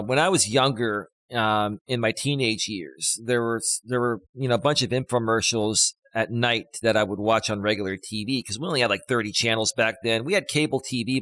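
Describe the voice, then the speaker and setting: A man's voice: mid-range voice, fairly bright tone, no room sound. A man in his fifties, a life coach hosting a live stream, talking casually in a rambling, emphatic way. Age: 50s. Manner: rambling, emphatic, with many fillers and restarts.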